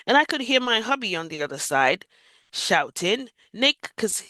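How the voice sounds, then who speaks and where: A woman's voice: mid-range voice, sing-song, moderate pace, pushed and bright, no room sound. A woman from Jamaica, giving a vivid, emotional retelling of her own story as an interview guest. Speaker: guest sharing a near-death experience.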